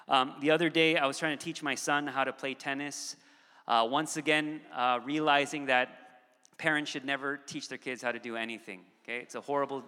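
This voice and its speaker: A man's voice: fairly high pitch, pushed and bright. A man in his thirties preaching a sermon as pastor, conversational, with frequent "okay" asides. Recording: long hall reverb.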